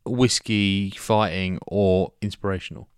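A man's voice: low-pitched, steady tone, a little slow, clear, resonant tone, no echo, studio quality. A man co-hosting a podcast, joking around and breaking into laughter. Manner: jokey, bursts into song and laughter. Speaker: podcast co-host. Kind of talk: casual podcast chat.

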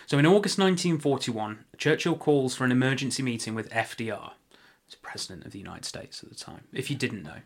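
A man's voice: medium pitch, expressive, fairly quick. A man hosting a casual history podcast, talking loosely with joking asides and frequent self-corrections. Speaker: podcast host.

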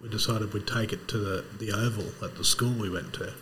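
A man, a podcast host telling a story in casual chat, animated and laughing as he talks. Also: on the low side, fairly quick.

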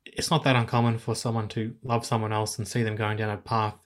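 An Australian woman co-hosting a podcast, measured and gently questioning in a casual film chat. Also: very deep voice, level tone. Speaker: podcast co-host.

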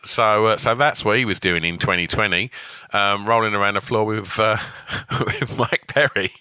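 A man's voice: lowish voice, fairly even intonation, normal speed, sharp tone, clear, resonant tone, no echo. A man co-hosting a podcast in loose, rambling casual chat. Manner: loose, rambling, with many fillers. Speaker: podcast co-host.

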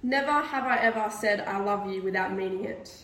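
A woman's voice: mid-range voice, brisk, fairly bright tone, a little hiss or hum. Woman, casual, reading questions, roomy echo, faint ambience. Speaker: question reader. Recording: echoey room.

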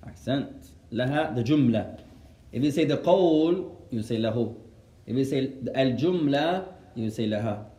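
A man teaching a class, dictating and repeating each phrase slowly so students can write it down, translating line by line. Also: medium pitch, lively intonation, dark tone, echoey room. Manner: translates line by line, patient and instructive. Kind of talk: classroom lesson, dictating for memorisation.

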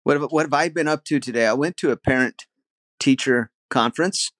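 A man's voice: mid-range voice, normal speed, a bit bright, no echo, clean studio sound. A man co-hosting a casual podcast chat, musing aloud and hedging with "I think" and "I don't know". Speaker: podcast co-host, comedian. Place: living in Germany.

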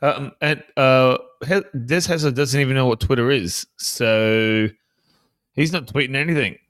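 A man co-hosting a sports podcast, chatting casually and firing off quick jokes and asides. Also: mid-range voice, fairly bright tone, dry recording, clean studio sound. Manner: wisecracking, quick joking asides. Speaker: podcast co-host.

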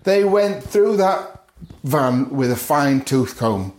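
A man's voice: medium pitch, animated, slow pace, a little mellow. A middle-aged man from the north of England, a podcast guest telling his story vividly, acting out other people's lines and chuckling often. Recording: roomy echo.

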